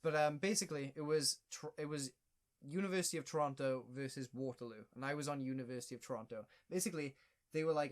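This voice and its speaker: A man's voice: fairly high pitch, fast talker. A young man telling a story on a casual podcast. His speech is loose and hesitant, and he stops and repeats himself often. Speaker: podcast co-host.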